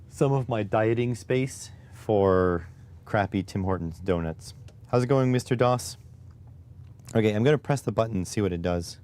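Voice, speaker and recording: A man's voice: lowish voice, warm tone, clean tone. A man from Canada chatting casually on a live stream, muttering to himself while typing and reading chat. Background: keyboard typing.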